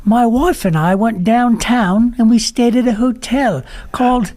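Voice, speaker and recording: Man putting on a timid Victorian schoolboy, slow, pleading, raised voice. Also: very high-pitched, a little mellow, pitched above the performer's own voice. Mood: wistful.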